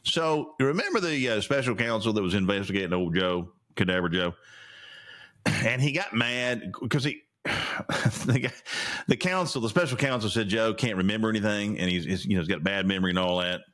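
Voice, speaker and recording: This solo podcast host has a lowish, expressive, fairly bright voice and speaks at normal speed. Indignant about the news, he rants his opinions, frequently stumbling and starting sentences over.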